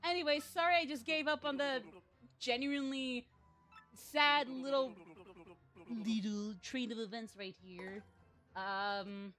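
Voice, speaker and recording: A woman's voice: sits high, measured pace, fairly bright tone, soft background music. A sleep-deprived young woman streaming a game, chatting casually in a rambling, self-deprecating way. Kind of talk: casual live-stream chat.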